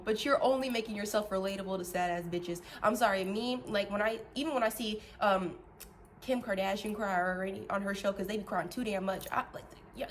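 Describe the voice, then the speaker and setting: A woman's voice: medium pitch, a little hiss or hum. Blunt, profane woman ranting on a vlog. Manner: animated, swings between loud and soft. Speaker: vlogger.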